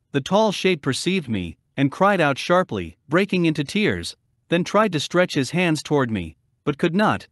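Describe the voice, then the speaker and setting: A man narrating an epic poem as an audiobook in an expressive, dramatic reading. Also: fairly high pitch, no echo, studio quality. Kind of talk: scripted narration.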